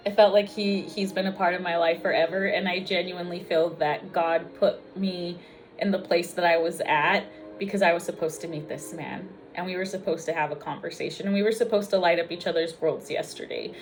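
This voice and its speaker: A woman's voice: fairly low pitch, steady tone, fairly quick, faint music behind. A woman from the United States, a registered nurse, talking in a raw personal vlog, emotional and blunt with lots of swearing, teary at times.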